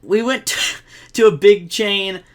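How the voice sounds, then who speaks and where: A man's voice: high-pitched, unhurried. A teenage boy telling a story casually in a rambling way, often breaking into laughter. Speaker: vlogger.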